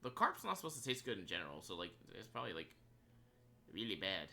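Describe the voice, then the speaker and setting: Guy streaming a game, super bright tense voice, rambles with lots of likes, laughs a bunch. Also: low voice, wildly swooping pitch, fast talker, creaky. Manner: rambling, filler-heavy, laughs often. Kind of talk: casual live-stream chat while gaming.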